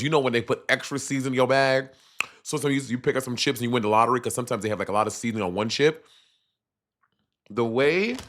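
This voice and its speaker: A man with a Caribbean accent chatting sassily to viewers on a casual live stream. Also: mid-range voice. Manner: sassy, animated, chatty with viewers.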